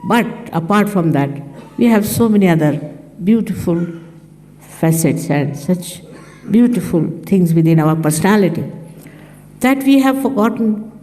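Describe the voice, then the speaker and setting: A woman's voice: lively intonation, a little slow, warm tone. An older woman giving a conversational spiritual talk, telling anecdotes and acting out the voices of the people in them. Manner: conversational, tells anecdotes, acts out quoted speech in a higher voice. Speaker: spiritual teacher. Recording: archive recording in a reverberant hall.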